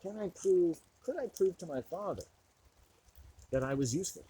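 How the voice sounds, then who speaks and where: A man's voice: high voice, lively intonation, moderate pace, long pauses, dark tone, slight background noise, poor audio. A man alone in the woods, rambling through a comedic, self-mocking monologue. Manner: rambling, self-mocking, laughing between thoughts. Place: outdoors in a forest.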